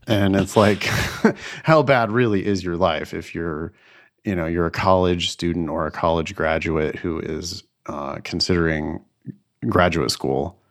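Laid-back deep-voiced man. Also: takes it slowly. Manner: relaxed, reflective, laughs often. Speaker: podcast co-host, LSAT tutor. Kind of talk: casual chat.

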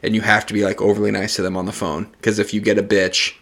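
A young man chatting casually, blunt and deadpan, swearing freely as he tells work stories. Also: on the low side, quick pace. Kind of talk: casual chat.

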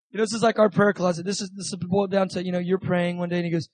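A man's voice: high voice, fast, dry recording, poor audio. A man preaching a sermon in an earnest, conversational way, often repeating phrases.

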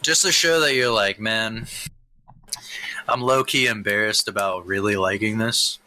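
A young man with a very bright, sharp voice pitched a little low, chatting easily. He hesitates with ums and keeps the conversation going with questions. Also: unhurried, poor audio. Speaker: podcast co-host. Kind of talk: casual chat.

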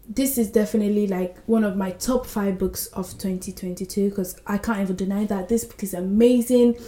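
A woman hosting a book podcast, retelling scenes with lively character voices in casual chat. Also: medium pitch, reverberant.

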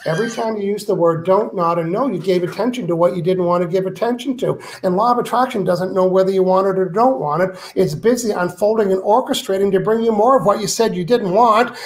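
A man's voice: high-pitched, fast talker, hardly any pauses. A man speaking as a guest author in an interview, emphatic and playful, acting out quoted complaints. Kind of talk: animated interview talk.

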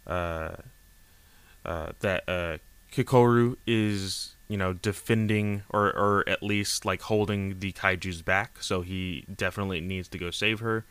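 Rambling low-voiced man recapping a comic. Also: a bit bright, clean tone. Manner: rambling, with many fillers. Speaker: manga recap vlogger. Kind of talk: casual chapter recap.

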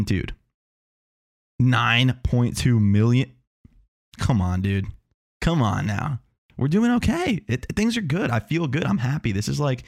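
A man's voice: on the low side, darkish tone, no echo, clean studio sound. A man hosting a casual solo talk, rambling and self-mocking with meandering asides.

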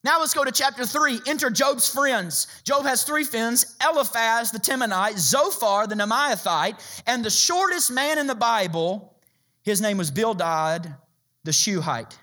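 A man preaching a sermon as a pastor, joking and telling stories in an animated way. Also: extremely high pitch, a little slow.

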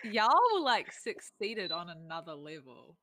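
A woman's voice: medium pitch, big pitch swings, takes it slowly, sharp tone, no echo. A woman hosting a podcast, chatting casually and teasing her guests. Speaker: podcast host. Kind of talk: casual chat.

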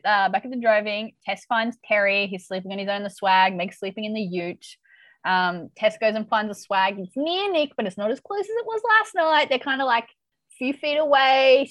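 A woman co-hosting a casual recap chat, animated, laughing often and acting out quotes. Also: mid-range voice, no echo. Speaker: podcast co-host.

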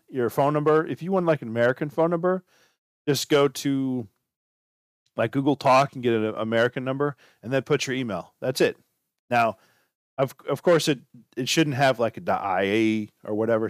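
A man's voice: mid-range voice, dry recording, studio quality. A man hosting a podcast, giving casual advice in a loose, rambling way, often restarting and repeating himself. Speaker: podcast host.

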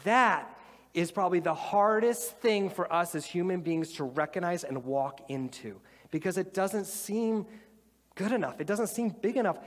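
A man's voice: sits high, moderate pace. A man preaching a sermon to a live congregation, conversational and enthusiastic. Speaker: pastor. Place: church with audience. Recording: reverberant church hall.

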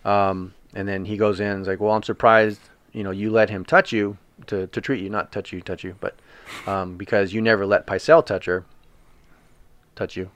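A man's voice: fairly low pitch, little pitch movement, moderate pace, fairly bright tone, smooth, no room sound. A man casually recapping a TV episode, paraphrasing scenes with lots of ums and you knows. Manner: retells scenes with loose paraphrased quotes and many fillers. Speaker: podcast co-host recapping a TV episode. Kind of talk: casual chat.

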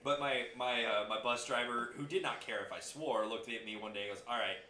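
A man co-hosting a casual podcast, telling stories loudly and swearing freely. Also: mid-range voice, fairly quick, roomy sound. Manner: loud animated storytelling, swears freely. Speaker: podcast co-host. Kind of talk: casual chat.

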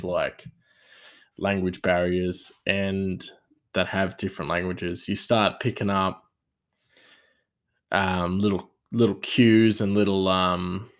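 A man with an Australian accent who works in a kitchen, chatting casually in a rambling, sarcastic way with lots of fillers. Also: deep voice. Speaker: kitchen worker. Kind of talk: casual storytelling chat.

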